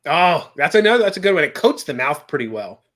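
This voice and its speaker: Casual co-host, man, bright and a bit high, groans and gasps through a spicy challenge on a video call. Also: sing-song, fairly quick. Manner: groaning, gasping through a hot-sauce challenge. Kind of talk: casual chat.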